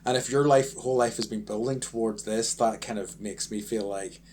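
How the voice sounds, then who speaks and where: A man's voice: lowish voice, steady tone, brisk, darkish tone, slight background noise. A man chatting on a podcast as co-host, rambling with lots of fillers and restarts. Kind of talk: casual chat.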